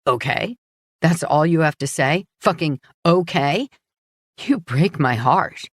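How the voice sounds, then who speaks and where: A woman's voice: low-pitched, animated, slow pace, no room sound, studio quality, exaggerated voice. A woman reading the lines of a heartbroken, angry man in an audiobook, bitter and pleading. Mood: hurt, pleading.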